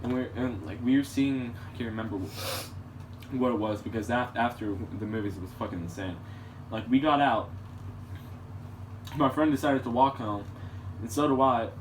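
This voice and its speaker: A man's voice: medium pitch, moderate pace, pauses often. Guy rambling through a story, crude and casual, mic far away with noise behind. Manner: rambling, crude and full of restarts. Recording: distant mic with clear background noise.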